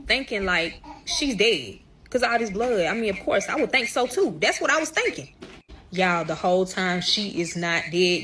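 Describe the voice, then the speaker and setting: A woman's voice: mid-range voice, a bit bright, slight background noise. A young woman telling a story to camera in a casual storytime style, swearing often and calling her viewers y'all. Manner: profane, addresses viewers as y'all.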